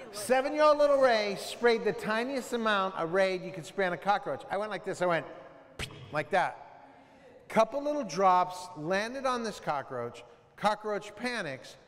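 A middle-aged man giving an animated talk to students, telling stories, putting questions to the audience and mimicking sounds. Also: high-pitched. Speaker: school assembly speaker. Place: school hall. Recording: long reverb in a large hall.

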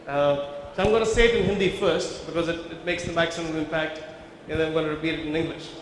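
Speaking fast in a slightly high, steady voice, a man delivers a workshop lecture on visual merchandising with audience questions. He walks through ideas step by step and quizzes his listeners to keep them engaged. The large conference hall is very echoey, with a faint background noise.

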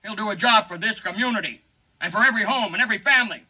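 An actor playing a shady, folksy TV pitchman pleading for a crooked friend's election in a 1950s film comedy. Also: very fast, pushed and bright, slightly rough, distant mic, full character voice, rough recording. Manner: folksy, pleading sales patter.

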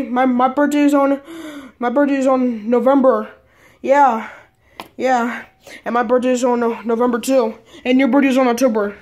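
Recorded on a phone camera at home, a woman acts out a halting, repetitive pretend-play conversation, voicing both sides herself. Her voice is high and slightly mellow.

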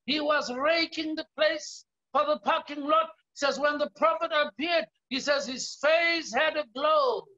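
A man's voice: extremely high pitch, unhurried, few pauses, sharp tone. A South African man preaching a sermon as pastor, emphatic, often raising his voice and drawing out key words. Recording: dull lo-fi sermon recording.

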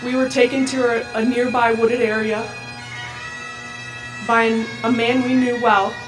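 A woman giving a personal testimony in a halting, measured way. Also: a little high, little pitch movement. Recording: echoey, distant, soft music behind.

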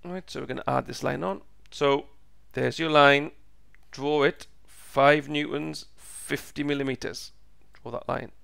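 Man, teacher, gravelly and hoarse, slightly high voice, patient, repeats steps. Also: fairly even intonation, a little slow, a bit bright, no room sound, studio quality. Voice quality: gravelly, croaky. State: voice going hoarse. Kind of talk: step-by-step physics lesson.

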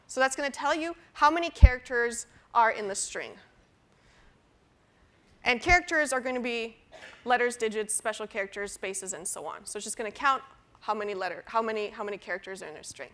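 A woman's voice: fairly high pitch, a bit bright. A woman lecturing a university class on programming, explaining step by step with fillers and restarts. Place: lecture hall.

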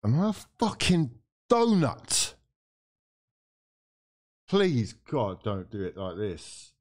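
A man hosting a live football watchalong, reacting with loud, swearing outbursts. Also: medium pitch, slow pace. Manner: excitable, swearing, shouting reactions.

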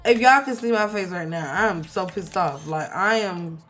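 A woman's voice: fairly low pitch, normal speed, soft background music. A woman giving casual, profane commentary while playing a life-sim game, shifting from mumbling to outbursts. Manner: chatty, swears, swings from mumbling to loud outbursts. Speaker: let's play streamer.

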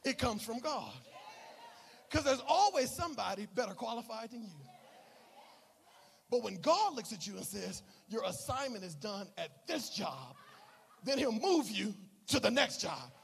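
Male pastor, sermon, animated storytelling, very high lively pitch, faint room noise. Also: normal speed, vocal fry, pauses often. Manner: animated storytelling, shouting and dropping to a hush. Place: church sanctuary.

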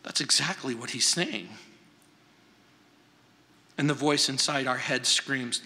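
A man preaching a verse-by-verse sermon as pastor in a large church, speaking deliberately with dramatic pauses and emphatic repetition. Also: mid-range voice, bright, forceful tone. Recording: long reverb from a large hall.

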